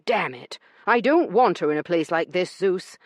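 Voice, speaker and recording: A man's voice: high-pitched, expressive, normal speed, dry recording, pitched above the performer's own voice. Man voicing an earnest, lovesick young man. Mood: frustrated. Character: earnest young man in love, protective and frustrated.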